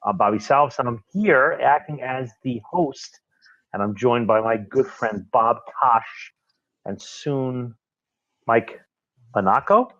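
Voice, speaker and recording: A man's voice: mid-range voice, slow, a bit bright, dry recording, dull audio. A man hosting a casual podcast roundtable, chatty and rambling as he talks. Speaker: host. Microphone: video call.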